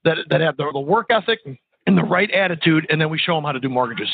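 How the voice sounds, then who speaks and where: A man as an interview guest talking about his company's sales team, speaking quickly with frequent restarts. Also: a little high, animated, gravelly, breathy edge, dry recording, narrow, tinny audio. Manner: quick, halting with many restarts. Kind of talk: fast conversational interview.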